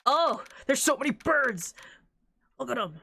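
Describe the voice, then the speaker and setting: A woman's voice: high-pitched, unhurried, vocal fry, a little hiss or hum. Giggly woman streamer chatting over a game. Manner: giggly, excitable, chatty asides. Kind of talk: casual game-stream chat.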